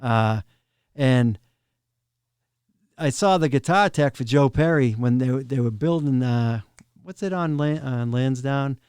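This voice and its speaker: A man's voice: mid-range voice, a little slow, pauses often, a little mellow, clear, resonant tone, no room sound, studio quality. A middle-aged man, a podcast guest telling easygoing, humorous anecdotes. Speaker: guest, drum tech. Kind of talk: casual interview chat.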